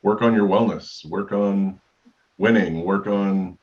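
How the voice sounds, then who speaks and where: A man in a group coaching session who talks haltingly and repeats himself. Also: low voice, fairly even intonation, a little mellow, lo-fi sound. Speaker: coaching client.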